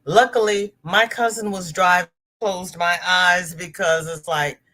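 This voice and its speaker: A woman's voice: fairly low pitch, fairly even intonation, unhurried, sharp tone. A woman hosting a casual crochet livestream from her laptop. She greets viewers by name, reads their comments aloud and calls them girl, honey and darling.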